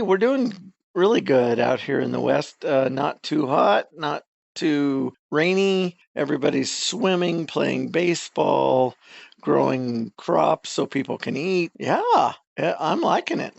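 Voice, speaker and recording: A man co-hosting a casual chat, rambling in an easygoing way and laughing a lot, with a gravelly, husky voice. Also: fairly high pitch, sing-song, slow pace, no room sound, highs cut off. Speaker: podcast co-host.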